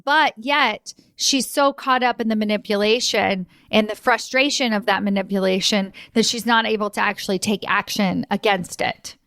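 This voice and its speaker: A woman's voice: fairly even intonation, moderate pace, hardly any pauses, fairly bright tone, no room sound. Woman, podcast host, career coach, emphatic, dry close sound. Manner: chatty and emphatic, laughs often, says "right?" a lot; acts out quoted voices with pitch jumps. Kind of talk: solo podcast monologue.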